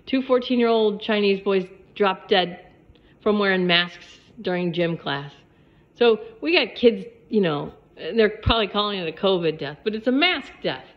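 A woman's voice: medium pitch, lively intonation, moderate pace, muffled recording. A woman vlogger giving a spiritual pep talk to camera, repeating her points emphatically in a preachy way.

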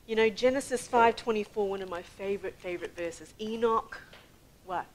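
A woman preaching a sermon in an animated way, laughing often and moving between soft whispers and loud bursts. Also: medium pitch, normal speed, a little hiss or hum, poor audio.

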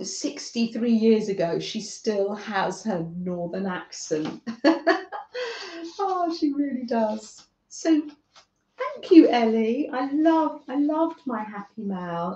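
A woman from northern England who hosts a craft livestream, chatting gently with viewers by name and often laughing as she works. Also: fairly high pitch. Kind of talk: casual chat with live viewers while crafting. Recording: echoey room, dull lo-fi sound.

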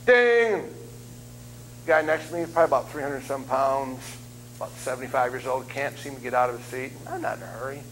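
A man in his fifties preaching as a guest speaker, telling funny stories in an animated, self-deprecating way. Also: medium pitch, slight background noise, rough recording. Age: 50s. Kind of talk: humorous sermon storytelling. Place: church sanctuary.

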